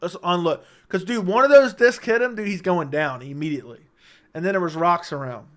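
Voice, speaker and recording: A man's voice: high voice, fairly quick, a bit bright. Brash, profane young man streaming late. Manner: brash, profane, joking banter with chat. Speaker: livestream host. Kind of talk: late-night casual livestream chat.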